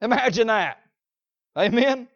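A man preaching a sermon emphatically, often punctuating his points with amens and swinging between loud stresses and quiet asides. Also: very high-pitched, expressive, a little slow, no echo, dull audio.

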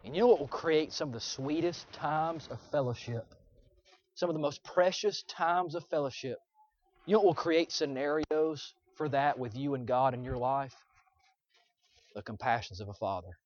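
A young man preaching, telling a personal story in an earnest, confessional way that swings from loud to hushed. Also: on the high side, moderate pace, lo-fi sound. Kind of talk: sermon illustration.

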